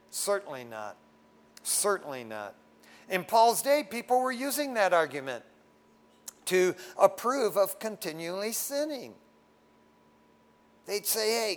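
Man, high voice, casual folksy sermon, frank, standing before a congregation. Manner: folksy and frank, often tags lines with "man". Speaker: preacher.

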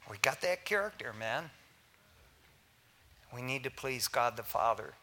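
An older man, a pastor, preaching a sermon in a lively, joking way to his congregation. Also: medium pitch, measured pace.

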